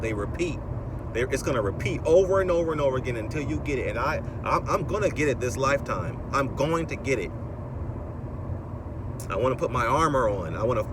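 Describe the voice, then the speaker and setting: A man in his thirties ranting in a rambling monologue while driving, his voice rising into exasperated outbursts. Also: medium pitch. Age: 30s. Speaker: vlogger. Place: in a car, driving. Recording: car road noise in background.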